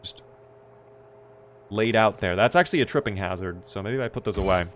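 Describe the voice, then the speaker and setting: A man's voice: lowish voice, brisk, fairly bright tone, a little hiss or hum. A man casually commenting on his gameplay on a live stream, chatty and playful, joking with his chat.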